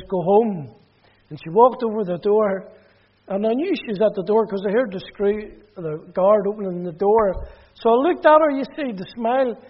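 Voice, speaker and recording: Northern Irish preacher, high voice, testimony storytelling, dull muffled sound. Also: male voice, husky. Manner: plain storytelling that drops quiet and low in sad parts.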